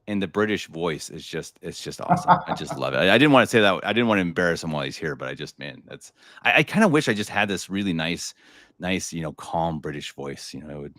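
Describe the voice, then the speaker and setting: A man's voice: low voice, big pitch swings, fast talker, fairly bright tone, no echo, clean studio sound. An American man hosting a live podcast, talking casually with lots of fillers and repeated words. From United States. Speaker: podcast host.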